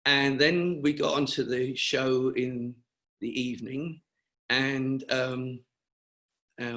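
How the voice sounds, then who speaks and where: A man's voice: medium pitch, a bit bright. An older man from England, telling anecdotes at length in a rambling, chatty way on a video call interview. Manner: chatty, rambling, with frequent fillers and restarts. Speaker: interviewee, cancer charity founder. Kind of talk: webinar interview, anecdotal storytelling.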